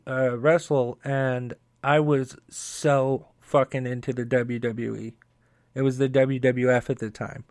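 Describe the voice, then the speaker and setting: A man's voice: mid-range voice, no echo, studio quality. A man hosting his own podcast in a casual, upbeat, chatty way, with fillers and some cursing. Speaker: podcast host. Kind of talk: casual solo podcast talk.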